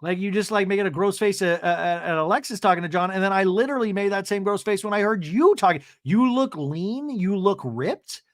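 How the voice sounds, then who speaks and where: A man's voice: high-pitched, fast, hardly any pauses, no room sound, studio quality. A man hosting a comedic TV recap podcast, snarky and mock-dramatic in his delivery. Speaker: podcast host.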